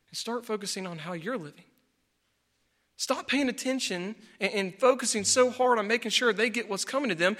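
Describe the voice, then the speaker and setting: A man preaching a sermon as pastor, telling a story with animated, exclaiming delivery. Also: high voice, big-room sound.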